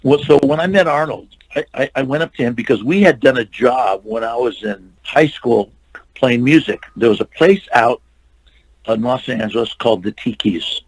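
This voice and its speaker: Gravelly older man telling stunt stories. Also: medium pitch, lively intonation, moderate pace, poor audio. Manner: rambling anecdotes with restarts and quoted dialogue. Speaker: interview guest, stuntman and actor. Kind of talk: casual storytelling.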